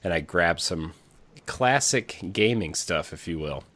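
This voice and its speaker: Deep-voiced man hosting a podcast. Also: animated, measured pace, fairly bright tone. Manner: rambling with many fillers and restarts. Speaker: podcast host. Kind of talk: casual podcast chat.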